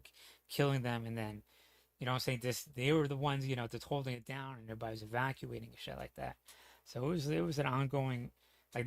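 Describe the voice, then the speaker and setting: A man's voice: medium pitch, gravelly, fairly bright tone, no room sound. A man talking casually as a streamer, rambling with lots of fillers, restarts and casual swearing.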